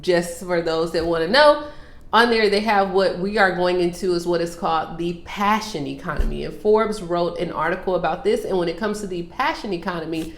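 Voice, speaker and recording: A woman's voice: lowish voice, moderate pace, reverberant. Sassy, teasing woman vlogger. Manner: sassy, teasing, calls viewers girl and sis. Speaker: YouTube host answering viewer questions. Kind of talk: casual Q&A vlog.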